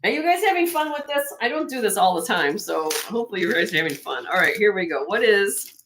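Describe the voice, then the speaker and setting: A woman hosting a live online jewelry sale, chatting excitedly and loudly as she shows each piece. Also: medium pitch, fast talker, slight background noise. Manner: excitable, loud, chatty sales patter.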